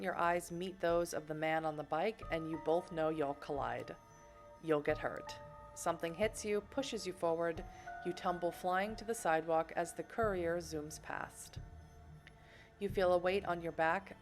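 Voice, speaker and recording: A woman from Boston, streaming a video game, reads the story text aloud with playful, giggly asides to chat. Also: lowish voice. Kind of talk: reading game text and chatting on a livestream.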